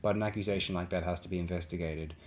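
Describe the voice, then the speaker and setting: Guarded woman leader choosing her words read by a man, low deep voice, careful. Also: steady tone, rapid-fire, a little hiss or hum, lightly acted. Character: guarded female leader under pressure.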